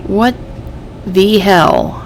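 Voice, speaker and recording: A woman's voice: mid-range voice, wildly swooping pitch, extremely slow, vocal fry, a little hiss or hum. A woman hosting a let's play, thinking aloud and reading game text aloud, easily irritated by the game. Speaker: gaming channel host.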